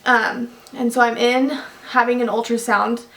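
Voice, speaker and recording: A young woman tells her year's story to the camera in a loose, rambling way, with ums and little self-corrections. Her voice sits slightly high for a woman. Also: level tone, moderate pace, vocal fry, fairly bright tone. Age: young adult. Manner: chatty, rambling, many fillers and restarts. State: tearful at times. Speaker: vlogger.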